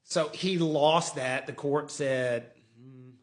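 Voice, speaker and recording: An animated middle-aged man talking through legal news in a casual, mocking way. He acts out quotes and pokes fun. His voice sits a little high for a man. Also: slow. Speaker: lawyer commentator.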